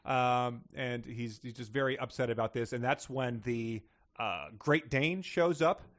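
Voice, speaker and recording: A man's voice: mid-range voice, unhurried. A man co-hosting a casual book podcast, rambling and hesitant, often joking at his own expense. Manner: rambling, hesitant, self-deprecating. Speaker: podcast co-host.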